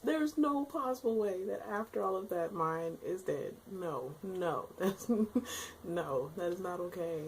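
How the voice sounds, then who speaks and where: Young female vlogger, low-pitched and creaky, rambling and emotional. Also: lively intonation, a little slow, a little hiss or hum, rough recording. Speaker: anime reviewer. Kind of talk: casual vlog recap.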